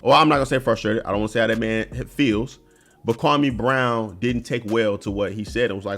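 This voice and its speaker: A man hosting a solo commentary video, talking earnestly and conversationally, often restarting his sentences and filling pauses with um and uh. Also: fairly low pitch, fairly even intonation, fairly bright tone. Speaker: commentary channel host.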